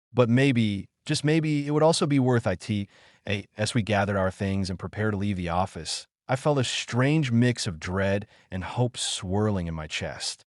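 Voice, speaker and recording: A man with a lowish voice reads a first-person story aloud. His delivery is smooth, even and unhurried, and the recording sounds close and dry. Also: no room sound.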